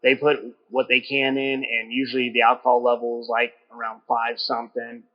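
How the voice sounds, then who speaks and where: A man's voice: mid-range voice, completely flat delivery, moderate pace, muffled recording. A man hosting a podcast interview in a brewery taproom, chatting in a rambling way with many restarts. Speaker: podcast host. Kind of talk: casual interview chat.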